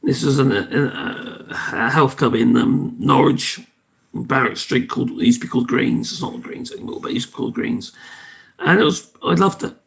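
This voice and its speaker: A man with a mid-range, animated, creaky and slightly bright voice talks fairly quickly while hosting a casual live stream. He rambles chattily, interrupts himself, thanks his viewers and signs off cheerfully.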